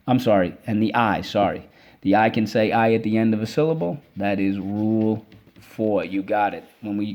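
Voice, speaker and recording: A man with a low voice leads a children's spelling lesson, sounding words out slowly syllable by syllable. He coaxes the class along between drills. The recording is dull and lo-fi. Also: dark tone. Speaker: teacher.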